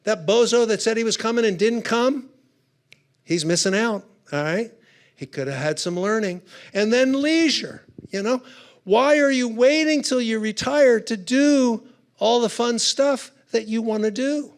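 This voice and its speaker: In a conference hall, a man with a very high-pitched, smooth voice tells funny stories at a measured pace. His delivery is chatty and conversational, dotted with punchy asides.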